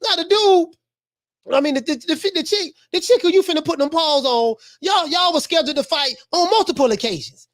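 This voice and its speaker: A woman doing casual livestream boxing commentary, animated, repeating herself and laughing often. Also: extremely high pitch, a little fast.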